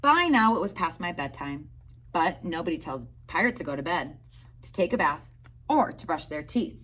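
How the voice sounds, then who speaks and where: A woman teacher reading a picture book aloud to young children in an expressive storytelling way. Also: fairly low pitch, moderate pace.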